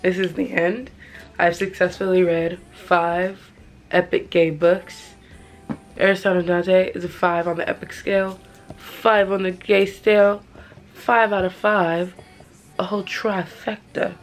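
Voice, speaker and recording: A young woman vlogging about books she read, emotional and gushing, talking in quick excited bursts. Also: on the low side, faint music behind. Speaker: book vlogger. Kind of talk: casual reading vlog chat.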